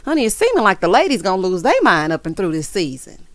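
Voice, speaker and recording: A woman recapping a reality show in casual, sassy commentary, calling viewers honey and child and breaking into loud, high laughs. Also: fast talker, no echo. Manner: sassy, animated, side-eye asides.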